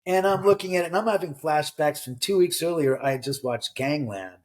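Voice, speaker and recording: A middle-aged man, an author and homeowner, telling animated stories in an interview and acting out what people said. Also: fairly high pitch, a little fast. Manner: lively anecdotal storyteller, acts out dialogue.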